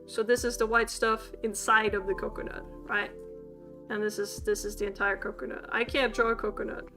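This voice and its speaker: A woman's voice: mid-range voice, level tone, music in the background. A woman, chatty and giggly, teaching a casual streamed language lesson as a VTuber. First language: Swedish. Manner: chatty and giggly, quick to laugh at her own jokes.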